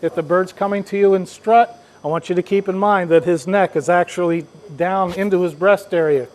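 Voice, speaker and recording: A man's voice: sits high, fairly even intonation, moderate pace, a little mellow, rough recording. A man teaching a group how to hunt turkeys, speaking in a folksy, rambling way with frequent restarts. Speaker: hunting instructor. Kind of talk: casual spoken instruction.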